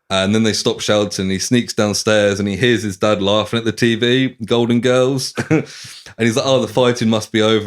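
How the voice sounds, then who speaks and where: A man's voice: fairly low pitch, smooth. A man hosting a podcast, casually retelling a novel's plot and acting out the characters' lines. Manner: animated retelling, acting out lines with swearing and laughs. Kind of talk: casual chat.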